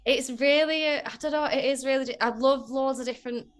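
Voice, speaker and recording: A bubbly woman with a strong Oldham accent chats as a guest in a casual interview. She laughs easily and her tone stays relaxed and friendly. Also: high voice, a little fast. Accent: Oldham, Lancashire. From England. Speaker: musician guest.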